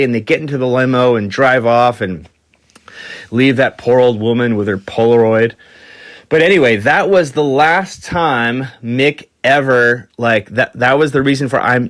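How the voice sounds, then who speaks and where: A man telling rock and roll stories on his podcast in a loose, offhand way, cursing freely and jumping into higher voices for quotes. His voice sits at an ordinary pitch and is recorded close and dry, with no room sound. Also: fairly bright tone, dry recording. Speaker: podcast host. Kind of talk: casual storytelling.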